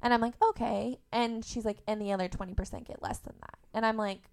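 Young woman, Indiana-raised, middle pitch; candid, emotional guest who laughs through the hard parts. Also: steady tone, quick pace, smooth. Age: young adult. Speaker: podcast guest. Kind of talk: candid conversational storytelling.

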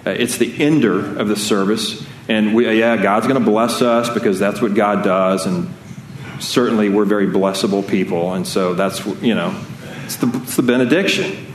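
A man's voice: fairly low pitch, normal speed. A man preaching a sermon as pastor, earnest and conversational, often restarting his sentences. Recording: echoey room with faint noise.

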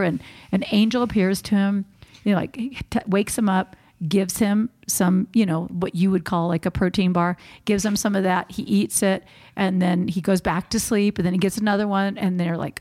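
A woman's voice: mid-range voice, a little fast. Chatty woman co-host retelling scripture. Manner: lively, chatty retelling with acted quotes. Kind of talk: casual Bible teaching chat.

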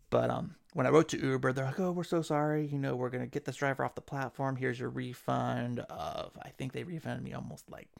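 A man hosting a podcast, retelling a travel mishap in a casual, animated way and acting out the people in it. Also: mid-range voice, creaky. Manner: animated retelling with quoted voices. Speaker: podcast host. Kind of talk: casual storytelling.

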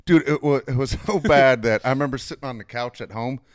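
A man's voice: mid-range voice, quick pace, dry recording. Middle-aged guy ranting thru a crazy story, cursing a lot, dry close mic. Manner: profane, animated storyteller, laughs often. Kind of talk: casual storytelling chat.

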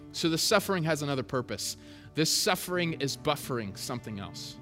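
A man preaching a sermon with passion, swinging between loud urgent stretches and hushed quiet ones. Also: on the high side, sing-song, fairly quick. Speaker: pastor. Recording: long hall reverb, soft music behind.

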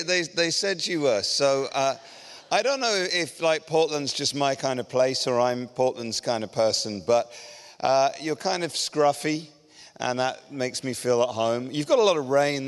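A middle-aged man with an English accent delivers a sermon to a church congregation. His voice is smooth and clear, and his manner is lively and self-deprecating. The sound carries a long reverb from a large church hall. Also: medium pitch, normal speed. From England. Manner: self-deprecating, joking and energetic. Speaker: guest preacher.

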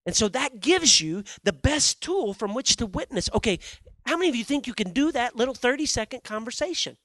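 Male preacher, high and sharp-toned, dry close sound, chatty sermon storytelling, talks straight to the congregation. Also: fairly quick, no echo. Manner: animated, conversational storytelling with a crowd.

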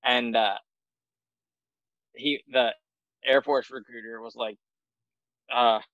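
A man's voice: medium pitch, steady tone, slow pace, fairly bright tone, dry recording, lo-fi sound. A man in his forties from the United States, a military veteran guest telling his story in a loose, self-deprecating way, full of fillers and restarts. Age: 40s. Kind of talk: casual storytelling interview.

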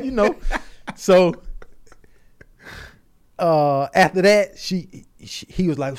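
A man casually telling a comedic story, animated and acting out the people in it. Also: fairly high pitch, a little slow, long pauses. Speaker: storyteller on a podcast.

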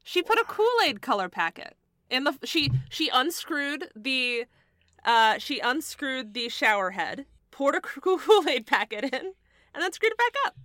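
A woman's voice: sits high, big pitch swings, unhurried, sharp tone, no echo, clean studio sound. A woman narrating as game master in a tabletop game, describing scenes with lots of fillers and hesitations.

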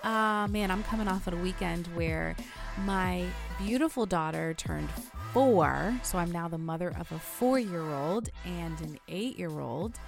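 A woman's voice: lowish voice, unhurried, vocal fry, music in the background. Upbeat, stuffy woman podcast host. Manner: upbeat, encouraging, chatty. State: stuffy from allergies. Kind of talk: faith podcast monologue.

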